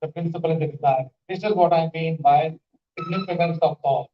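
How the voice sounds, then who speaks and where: A man's voice: a little high, steady tone, brisk, faint music behind. A man lecturing a conference audience on pronunciation, acting out example sentences and putting questions to listeners. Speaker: conference panelist teaching English. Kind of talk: classroom-style lecture with spoken examples. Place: large conference hall. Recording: echoey hall, distant dull mic.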